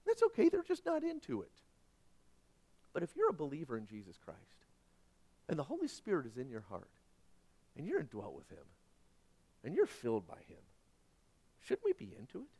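A middle-aged man preaching a sermon as pastor, animated and self-deprecating, swinging between loud asides and hushed points. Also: on the high side, moderate pace, long pauses.

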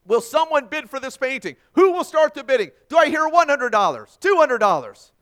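A preacher doing a steady, insistent auctioneer who won't give up calling for bids. His voice rises high and lively with each plea. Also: fairly quick, full character voice. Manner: insistent, repeating calls for bids. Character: persistent male auctioneer, calm and insistent.

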